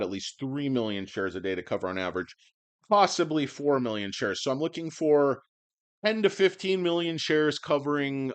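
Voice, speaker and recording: A man with a worn-out, hoarse voice, rambling and swearing through a stock-market video monologue, with sardonic asides and loud rants. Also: mid-range voice. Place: indoors under bright lights.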